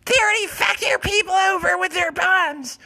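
A man's voice: very high voice, moderate pace, vocal fry, bright, forceful tone, pitched above the performer's own voice, full character voice. A man voicing a shrieking male cat mad scientist who meows between lines. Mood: shrill. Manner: shrieking, meowing.

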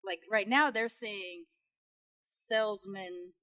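Podcast co-host, woman, 30s, Long Beach accent, animated casual storyteller. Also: medium pitch, slow. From Long Beach, California. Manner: animated storyteller, many "like" fillers. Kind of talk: casual chat.

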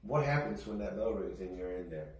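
A man hosts a casual podcast and asks quick, blunt questions laced with swearing. His pitch jumps around a lot. He sits back from the mic in a room with very heavy echo. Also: expressive, a loud crowd. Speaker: podcast host. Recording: very echoey room, distant mic.

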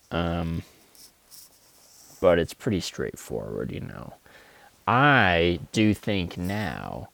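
A man hosting a poetry podcast from inside his car, talking in a halting, agitated, emotional ramble and reading his own poems. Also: deep voice, vocal fry. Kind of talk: rambling confessional monologue.

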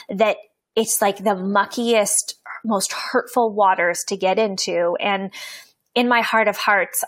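A woman's voice: medium pitch, a bit bright, no echo. A woman from Canada, a guest in an interview, talking candidly in an earnest, reflective way, swearing freely, with many fillers and restarts. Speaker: interview guest, poet and coach.

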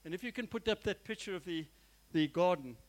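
Man, pastor, sermon, high voice, earnest, emphatic, repeats phrases. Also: animated, brisk, a little mellow, rough recording. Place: church.

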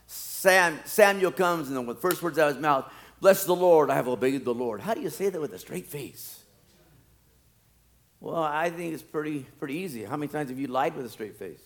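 A man preaching a sermon, acting out scripture scenes and then dropping to quiet, wry asides. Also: animated, moderate pace. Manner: dramatic, swings from loud acted-out pleading to low asides.

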